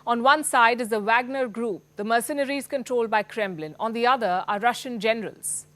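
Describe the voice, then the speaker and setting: Female Indian news anchor, scripted, emphatic, slightly higher voice. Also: fairly quick, fairly bright tone, no room sound. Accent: Indian English. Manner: emphatic, pointed delivery.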